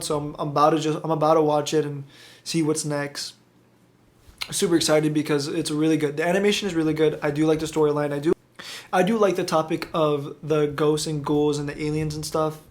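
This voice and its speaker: A man casually recapping an anime episode, rambling with lots of fillers, swearing and correcting himself as he goes. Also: a little high.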